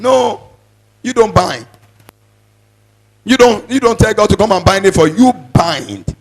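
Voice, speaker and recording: Man, preacher, high voice, sing-song sermon cadence, repeats words, bursts of shouting. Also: big pitch swings, a little slow, long pauses, husky. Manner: repeats words while building up.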